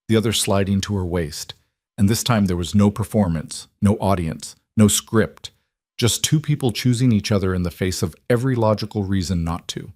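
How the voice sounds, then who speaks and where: A man with a fairly low voice narrates a romance story in a measured, soft way. The recording is close and dry, with no room sound at all. His delivery is steady and unhurried, like a read-aloud story. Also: no echo. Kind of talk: audiobook-style story narration.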